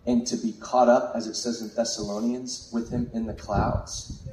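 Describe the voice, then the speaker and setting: A man preaching a sermon with exuberant, animated delivery. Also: mid-range voice, moderate pace, slight background noise. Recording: echoey room from far off.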